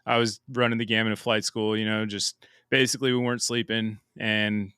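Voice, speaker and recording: A man's voice: on the low side, little pitch movement, a little fast, sharp tone, smooth, no room sound, clean studio sound. A man in his thirties talking candidly as a podcast guest, casual and swearing freely. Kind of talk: casual interview chat.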